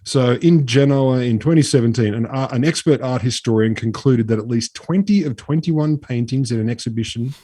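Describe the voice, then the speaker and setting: A man's voice: mid-range voice, brisk, hardly any pauses, mellow, no echo, studio quality. A man from Australia co-hosting a casual science chat, telling a story with lots of fillers and restarts. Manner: rambling storyteller, hesitant fillers. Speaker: podcast co-host.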